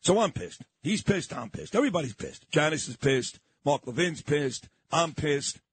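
A man's voice: on the high side, expressive, normal speed, slightly rough. A man with a New York accent hosting a morning radio talk show, ranting in a combative, indignant way and repeating his points. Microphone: studio microphone.

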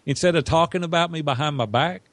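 A man's voice: fairly high pitch, fast talker, no echo. A middle-aged man, a podcast guest, telling an earnest personal story and acting out what others said. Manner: earnest, animated storyteller who acts out quotes. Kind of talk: storytelling in an interview.

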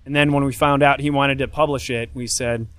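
A man hosting a live podcast panel, chatty and quick to laugh, asking the audience questions. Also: mid-range voice, fairly even intonation, fairly bright tone, clean tone, no echo. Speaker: podcast host and game publisher.

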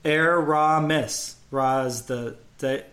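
A man's voice: a little high, moderate pace. A man co-hosting a casual sports podcast, chatty and self-deprecating, working through name pronunciations. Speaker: podcast co-host.

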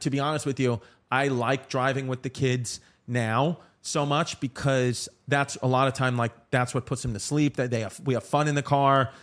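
A wisecracking man in his thirties hosts a loose comedy podcast chat. He talks in an even middle register, jumps in over his guest and piles up exaggerations, swearing as he goes. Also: mid-range voice. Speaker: podcast host.

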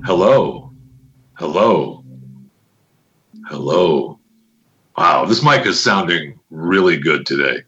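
Very deep-voiced joking podcast host. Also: male voice, expressive, slow pace, pauses often, sharp tone, muffled recording. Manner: jokey, rambling, fiddles with his mic on air. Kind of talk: casual chat. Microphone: studio podcast microphone with adjustable settings.

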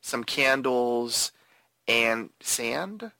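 A man hosts a casual podcast about a movie, speaking extremely slowly in an expressive, medium-pitched voice with vocal fry and a bright, forceful tone, recorded without echo. He loosely recaps the plot, hesitating and laughing often.

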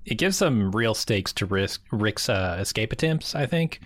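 A man's voice: on the low side, animated, a little slow, fairly bright tone, dry recording. A man co-hosting a podcast, talking in a casual, wry, chatty way. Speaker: podcast co-host. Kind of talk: casual chat.

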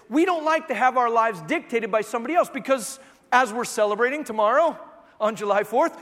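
A man in his thirties preaching a sermon, telling stories and acting out the voices in them, sometimes rising to shouts. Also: very high voice, fairly quick, in a large hall. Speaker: pastor.

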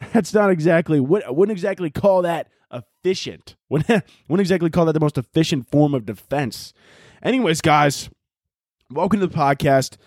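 A man's voice: a little high, lively intonation, unhurried, darkish tone, dry recording, studio quality. A young man hosting his own podcast, rambling in a profane, self-mocking comic rant. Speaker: podcast host. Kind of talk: solo comedic podcast rant.

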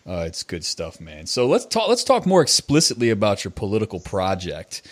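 A man's voice: on the low side, huge pitch swings, normal speed. A man hosting a podcast interview, laid-back and agreeable as he asks loose, conversational questions. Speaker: podcast host.

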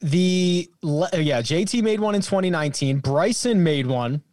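A man hosts a casual sports chat with quick, wry questions. His voice sits a little high, and the sound is dry and close. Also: lively intonation, a little mellow, no room sound. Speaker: host.

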